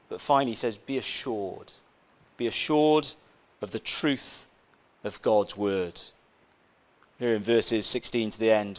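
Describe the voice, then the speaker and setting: A man's voice: mid-range voice, a bit bright. A male preacher giving a conversational sermon, telling a personal story, often asking the congregation rhetorical questions and repeating his phrases.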